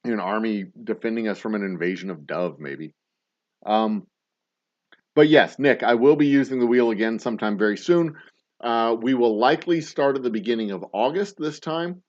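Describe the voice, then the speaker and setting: A man's voice: medium pitch, normal speed, muffled recording. A man who owns a distillery and hosts a whiskey show, chatting casually with viewers in a rambling, blunt way, swearing freely and chuckling often. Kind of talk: casual livestream chat answering viewer comments.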